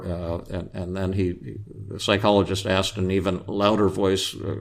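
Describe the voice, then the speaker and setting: A male psychiatrist hosting a podcast tells an anecdote in a relaxed, halting way, full of fillers and restarts. His voice sits low and has a gravelly fry to it. He lifts his voice to act out the people he quotes. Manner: acts out quoted voices louder. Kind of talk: casual anecdotal storytelling.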